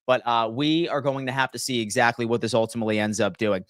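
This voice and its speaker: Energetic man hosting a sports livestream. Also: medium pitch, quick pace, dry recording, clean studio sound. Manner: energetic, reads chat shout-outs aloud. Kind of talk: live sports talk stream.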